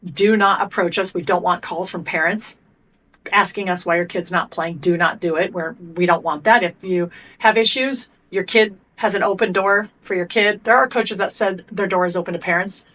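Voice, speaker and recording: A middle-aged woman speaks as a podcast guest. Her voice sits somewhat low, and her talk is blunt and lively. She swears casually and acts out the coach and the athlete in turn. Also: moderate pace. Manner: animated storyteller acting out coach and athlete exchanges. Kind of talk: podcast interview.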